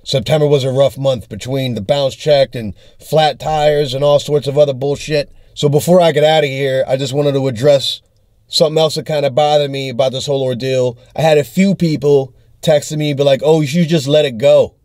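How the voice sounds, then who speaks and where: This young adult comedian on tour has a mid-range, darkish voice with fairly even intonation and a slightly fast pace. In his video diary he tells a furious, profane story, acting out texts and calls, captured as clean studio sound with no room sound.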